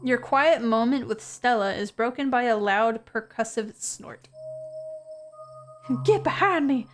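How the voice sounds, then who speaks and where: A woman streamer reading a visual novel aloud. She is playful and animated, with a fairly high voice. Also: measured pace, faint music behind.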